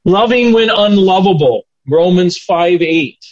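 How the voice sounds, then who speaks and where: A man's voice: high voice, lively intonation, a little slow, darkish tone. An older man giving a plainspoken, earnest sermon to men in a conversational way. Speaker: lay preacher teaching men. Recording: dull lo-fi recording.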